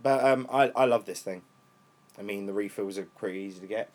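A young British man co-hosting a casual podcast, rambling and swearing freely, his voice worn lower from smoking. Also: a little fast, slight background noise. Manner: rambling, swears freely, laid-back stoner talk. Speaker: podcast co-host. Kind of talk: casual chat.

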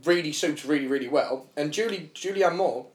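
A man's voice: fairly high pitch, fairly quick. A tired man co-hosting a comedy podcast, joking and swearing in casual banter. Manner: jokey, animated, swears freely, does silly voices. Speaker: podcast co-host. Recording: echoey room.

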